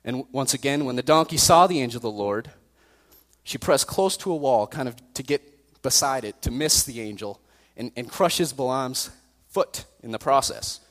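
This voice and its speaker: Casual young youth pastor preaching in a hall. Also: male voice, medium pitch, moderate pace, a bit bright. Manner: casual storytelling preaching, self-deprecating. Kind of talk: sermon. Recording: long reverb in a hall.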